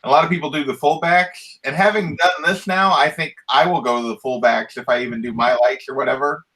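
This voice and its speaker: Bright-voiced chatty man. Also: medium pitch, fairly even intonation, fairly quick, rough recording. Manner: chatty, explanatory, agreeable. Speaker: co-host. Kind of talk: casual chat.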